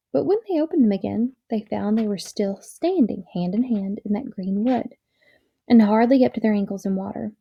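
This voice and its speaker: A woman reading a children's novel aloud in a gentle, measured storytelling manner. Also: mid-range voice, creaky, slightly rough, dull audio. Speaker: reader.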